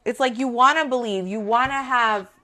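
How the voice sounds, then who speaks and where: A woman's voice: on the high side, normal speed, pushed and bright. Blunt, profane woman tarot reader. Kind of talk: casual spoken tarot reading.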